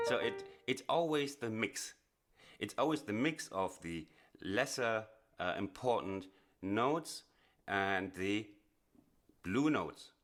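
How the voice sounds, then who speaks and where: A man teaching blues piano in a chatty, explanatory way, often pausing with fillers and restarting phrases. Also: fairly low pitch, expressive, a bit bright. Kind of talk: casual instructional explanation. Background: piano playing.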